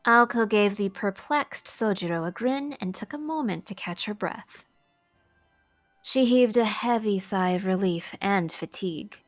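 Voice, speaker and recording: A woman narrates a game story on a live stream, reading in a steady, expressive way. Her pitch sits in the middle for a woman, and faint music plays behind her. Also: a little slow. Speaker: narrator reading a visual novel. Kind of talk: dramatic narration read aloud.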